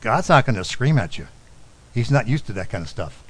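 A middle-aged man preaching a sermon, telling a personal story and dropping to a soft, low voice on key lines. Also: big pitch swings, fairly quick, breathy edge, low-quality recording. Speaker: pastor.

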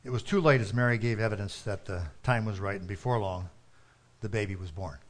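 A man narrating a story with a steady, earnest reading manner. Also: fairly low pitch, brisk.

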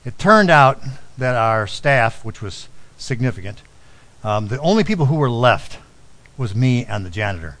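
A middle-aged man preaching a sermon, telling a personal story and dropping to a soft, low voice on key lines. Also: big pitch swings, moderate pace, low-quality recording. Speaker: pastor.

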